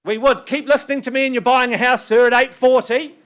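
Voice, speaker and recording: A man working as an auctioneer, calling bids in a brisk, coaxing patter with banter, his voice strained and getting worn. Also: extremely high pitch, steady tone, a bit bright. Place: auction room.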